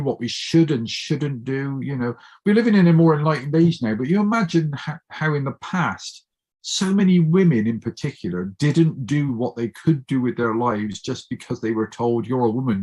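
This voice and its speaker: A man's voice: medium pitch, husky. A middle-aged man telling a personal story as a chat-show guest, acting out the voices of the people he quotes. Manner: lively storyteller who acts out quoted speech. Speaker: guest speaker.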